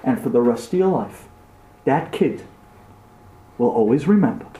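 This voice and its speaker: A man giving an impassioned inspirational talk, acting out scenes dramatically and swinging between loud outbursts and hushed passages. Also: mid-range voice, expressive, normal speed, long pauses. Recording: roomy echo.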